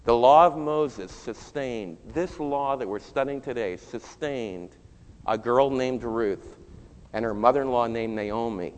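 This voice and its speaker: A man preaching a sermon, telling a Bible story with animated rises and quieter stretches. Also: mid-range voice, unhurried, big-room sound. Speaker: pastor.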